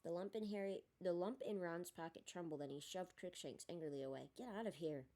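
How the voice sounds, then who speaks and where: A woman reading a novel aloud in steady narration, with occasional small slips and restarts. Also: lowish voice, fairly quick. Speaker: audiobook reader. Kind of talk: storybook narration.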